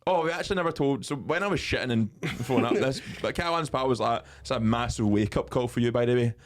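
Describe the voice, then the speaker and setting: A man's voice: medium pitch, quick pace. A young man with a Scottish accent, telling a story as a podcast host, laughing and swearing as he goes. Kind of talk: casual storytelling chat.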